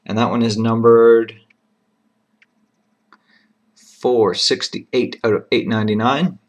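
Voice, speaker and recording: A man hosting a trading card box break, steadily announcing each card, who it goes to and its serial number, with brief quiet asides of admiration. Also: mid-range voice, fairly even intonation, takes it slowly. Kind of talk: live card-opening commentary.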